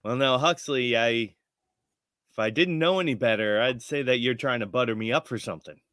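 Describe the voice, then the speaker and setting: A man's voice: mid-range voice, a bit bright, dry recording, clean studio sound, natural voice. A man voicing a stern middle-aged mother with a Southern US drawl, in a tabletop game. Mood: suspicious. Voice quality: drawling, measured.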